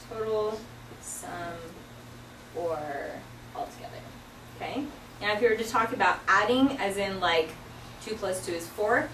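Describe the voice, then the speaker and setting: A woman's voice: mid-range voice, a little hiss or hum. Woman teaching in an echoey room. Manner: patient, explains step by step with many fillers. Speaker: sign language teacher. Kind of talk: classroom vocabulary lesson. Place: classroom. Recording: echoey classroom from far off.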